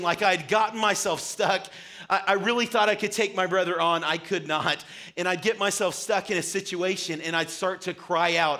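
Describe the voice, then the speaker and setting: A young man preaching a sermon to a church congregation, telling stories with animation. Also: sits high. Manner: animated storytelling, acts out his childhood self. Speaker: pastor. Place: church sanctuary.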